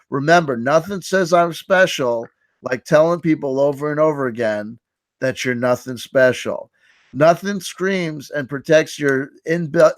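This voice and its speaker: A man's voice: mid-range voice, dry recording, studio quality. A man hosting a live stream, giving a mock-earnest, sarcastic lecture and often repeating his words. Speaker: host running a mock workshop.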